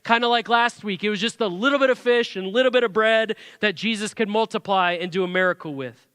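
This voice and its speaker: A man's voice: high-pitched, fast, bright, forceful tone, clear, resonant tone, dry recording, studio quality, in a large hall. A man, a pastor preaching a sermon in a church sanctuary, talking conversationally with many rhetorical questions.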